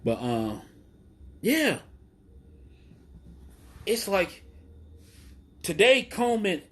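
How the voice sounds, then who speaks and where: A man rants solo about wrestling, swearing constantly and rambling through fillers and restarts. His voice sits a little high and sounds husky. His energy swings from excited bursts to low mumbles. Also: extremely slow, pauses often. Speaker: wrestling podcast host. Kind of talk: solo casual rant.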